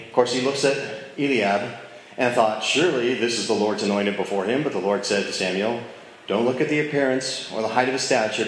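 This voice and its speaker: A man's voice: mid-range voice, a little hiss or hum. A man teaching a casual Bible study, talking conversationally and checking in with his listeners. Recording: very echoey room.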